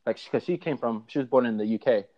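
Man, from Florida, mixed American and British accent, animated, laughing, mid pitch, muffled sound. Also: fast talker. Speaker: podcast guest. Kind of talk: casual chat. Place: living in London.

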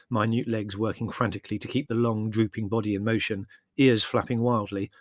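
A man narrating an audiobook in a wry, measured storytelling manner. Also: on the low side, no echo, studio quality.

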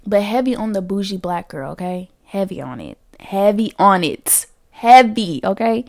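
A woman's voice: mid-range voice, expressive, normal speed, few pauses, a little mellow. A woman hosting a casual solo podcast, chatty, repeating affirmations with emphasis. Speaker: podcast host.

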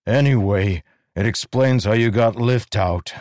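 A man reading an audiobook, voicing a male soldier who barks forceful commands. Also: fairly low pitch, unhurried, no room sound, voice pushed up, natural voice. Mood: urgent.

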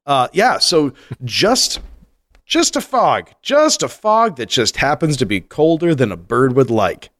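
A man co-hosting a podcast in casual chat, animated and rambling, laughing often and restarting his sentences. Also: medium pitch, measured pace. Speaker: podcast co-host.

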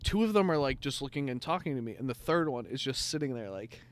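A man's voice: medium pitch, animated, quick pace. A young man co-hosting a podcast, telling a long story in casual chat, full of fillers and swearing. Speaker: podcast co-host.

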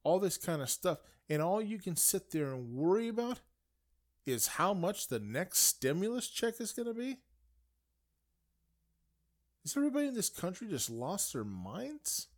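A man delivering an indignant political rant, swinging between raised outbursts and low muttering asides. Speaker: political commentator. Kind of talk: ranting monologue.

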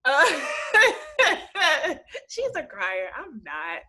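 A young woman talking in a loose, casual chat. Her voice sits high and bright, and it swings widely as she acts out little quoted moments. She laughs easily between stories. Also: wildly swooping pitch, very slow.

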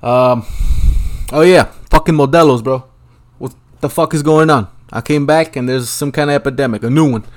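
A man's voice: medium pitch, normal speed. A young man hosting a solo podcast, rambling casually and swearing a lot in a laid-back way. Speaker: podcast host. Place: Los Angeles, at home.

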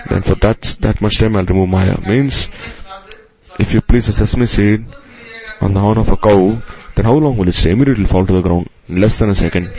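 A man gives a devotional sermon in a very low, gravelly voice. He speaks in a measured way and weaves in Sanskrit terms. The recording sounds a little dull and lo-fi. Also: darkish tone. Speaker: preacher.

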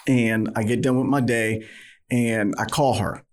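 A man from New City, a podcast guest telling personal stories in a lively, laughing way. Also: medium pitch, a little slow. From New York City. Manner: animated, laughing storyteller who acts out scenes. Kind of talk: storytelling in a faith podcast interview.

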